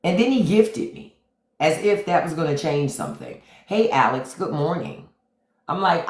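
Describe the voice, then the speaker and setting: A man's voice: a little high, sing-song, normal speed. Blunt middle-aged man in an echoey room. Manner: blunt, profane, talks straight to chat. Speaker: livestream host. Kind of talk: casual livestream commentary. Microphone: phone.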